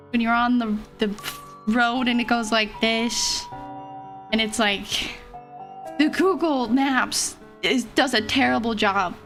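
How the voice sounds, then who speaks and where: A woman's voice: on the high side, a bit bright. A young woman streamer chatting casually and rambling, laughing often as she talks. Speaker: vtuber streamer. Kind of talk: casual chat.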